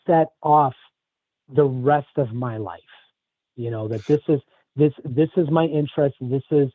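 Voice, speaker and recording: A man's voice: mid-range voice, no room sound. Man telling a story over a tinny phone line. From Chicago area, USA. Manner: halting, with many restarts. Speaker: guest telling a personal story. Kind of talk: casual storytelling.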